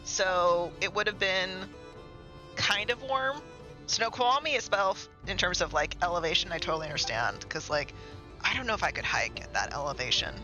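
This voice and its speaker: A man's voice: sits high, expressive, normal speed, bright, forceful tone, dull audio. A man streaming a game live, chatting casually and rambling to himself and his chat. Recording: game music clearly behind.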